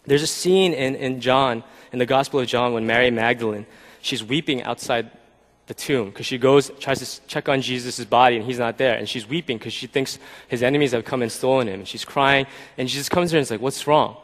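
A man preaching to his congregation in an easy, talking-style sermon, often pausing to check in with the people listening. His voice sits at an average pitch for a man. A long reverb from the big hall trails after his words. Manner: conversational, keeps asking "right?". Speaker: pastor.

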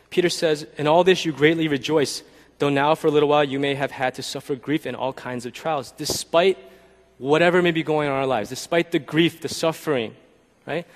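A man preaching a sermon as pastor, talking in a conversational way and often checking in with the listeners with a quick "right?". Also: on the high side, big-room sound. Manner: conversational, keeps asking "right?".

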